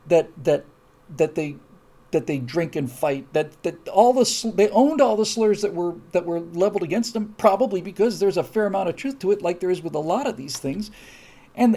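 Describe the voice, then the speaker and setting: Reading out viewer comments on his live stream, this man speaks in a high, gravelly voice with a dark tone. He's wry and wanders off on tangents, frequently interrupting himself and restarting.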